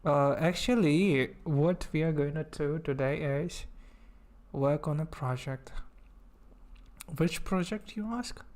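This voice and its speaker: A man in a casual live-stream chat, playful and self-mocking, apologizing often and trailing off into drawn-out fillers. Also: a little high, a little mellow.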